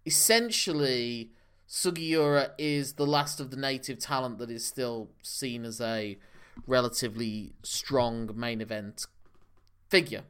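In a relaxed wrestling podcast chat, this co-host goes on long, knowledgeable explanations. He speaks at a measured pace with a medium-pitched, clean, slightly bright voice.

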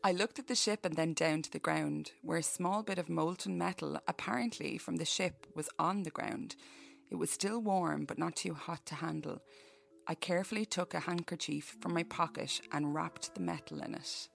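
A woman's voice: sits low, normal speed, gravelly. A woman hosting a podcast who reads a book aloud and breaks off for profane, jokey asides. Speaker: podcast host.

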